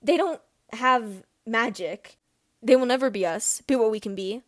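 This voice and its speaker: A woman's voice: fairly high pitch, measured pace, no room sound, clean studio sound, natural voice. A woman reading as a cold, guarded teenage boy. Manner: flat, careful, emotionless. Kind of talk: amateur audiobook reading.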